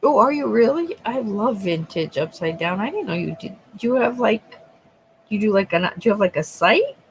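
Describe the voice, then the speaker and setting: A woman in her thirties chatting with viewers on a livestream. Her voice has a gravelly fry, and she talks loosely, swearing and laughing as she goes. A faint hiss sits under the recording. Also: medium pitch, big pitch swings, normal speed, low-quality recording. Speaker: livestream host. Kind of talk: casual chat with live viewers.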